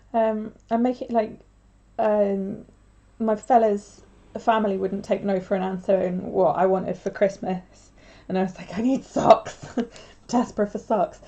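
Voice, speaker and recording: A woman's voice: mid-range voice, level tone, a little slow, dark tone, highs cut off. A young woman chatting casually on a craft livestream, rambling with lots of filler words.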